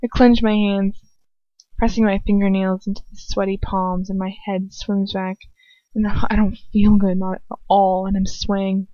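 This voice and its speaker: A woman reads a first-person fan story aloud in a casual, unpolished way, stumbling now and then and restarting lines. Her voice sits at a middling pitch. The home recording is dry and a little dull. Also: completely flat delivery, a little slow, no echo. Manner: casual reading with small slips and restarts. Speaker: fanfiction reader. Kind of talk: amateur first-person audiobook reading.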